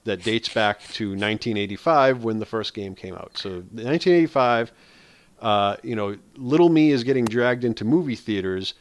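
A man's voice: fairly low pitch, lively intonation, moderate pace. A man hosting a casual podcast, steering the talk along with loose restarts. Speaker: podcast host. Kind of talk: casual chat.

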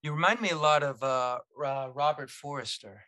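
A man hosting a podcast, asking hesitant questions with fillers and reading a brisk sign-off. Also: on the high side, pushed and bright, no echo. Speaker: podcast host. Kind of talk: casual interview questions.

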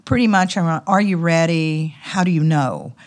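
A woman with a Southern US drawl talks as a podcast guest, her voice sitting very low. She chats in an upbeat, easygoing way and scatters ums and uhs through her sentences. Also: moderate pace. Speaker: podcast guest, company executive. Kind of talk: casual interview talk.

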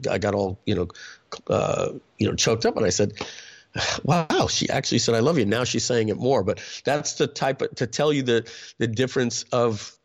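A middle-aged man telling stories as an interview guest, halting with many restarts and frequent throat clearing. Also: on the low side. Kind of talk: candid conversational storytelling.

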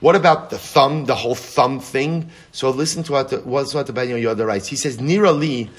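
A man teaching a Talmud class, animated, chanting quotes slowly and restarting his sentences often. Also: mid-range voice, breathy edge. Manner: stammering restarts.

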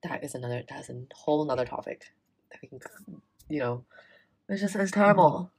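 A young woman in casual chat, telling a story in an animated way, swearing and acting out the people in it. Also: deep voice, a little fast, slightly rough. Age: young adult. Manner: animated, swearing, acts out quoted exchanges.

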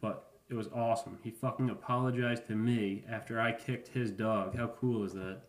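Deadpan man in his thirties, roomy sound. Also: fairly low pitch, normal speed. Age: 30s. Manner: deadpan, rambling with asides and profanity. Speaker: podcast host. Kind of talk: casual comedic monologue.

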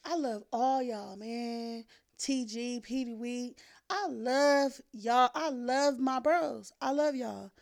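A woman from Los Angeles co-hosts a casual podcast in a candid, emotional, slang-filled way. Her voice sits a little high. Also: slow, vocal fry. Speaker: podcast co-host.

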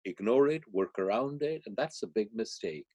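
A man's voice: fairly low pitch, animated, moderate pace, darkish tone, no room sound. Man explaining and telling stories. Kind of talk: podcast interview, storytelling.

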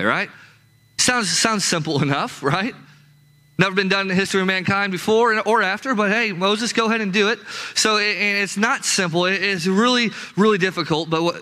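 A man's voice: sits high, bright, forceful tone, rough recording. A man preaching a sermon as pastor to his congregation, emphatic and repetitive, circling back on his key phrases. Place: church with a live congregation.

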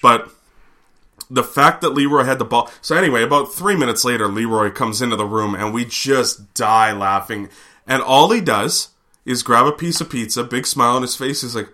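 A man's voice: medium pitch, moderate pace. A man from Canada, telling rambling, profane stories on a casual podcast. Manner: animated, profane, rambling with fillers. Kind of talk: casual storytelling.

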